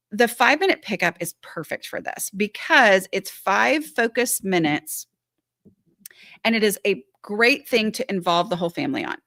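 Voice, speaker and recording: A woman's voice: mid-range voice, a bit bright, no room sound, studio quality. A woman hosting a live-stream Q&A, reading out viewer questions and answering them in a chatty, reassuring way with lots of "like" and "um". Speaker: decluttering advice host; former teacher and mother.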